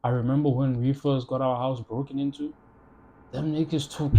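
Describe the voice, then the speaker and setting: A young South African man telling stories in a comedic monologue, animated and full of slang and loud jokes. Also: mid-range voice, normal speed, noisy background. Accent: South African English. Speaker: comedy YouTuber.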